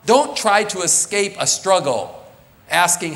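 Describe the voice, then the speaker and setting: A man's voice: sits high, expressive, measured pace, a bit bright. A man preaching a sermon from the pulpit, earnest, his delivery swelling and falling. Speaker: pastor. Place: church sanctuary. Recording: long reverb of a large church.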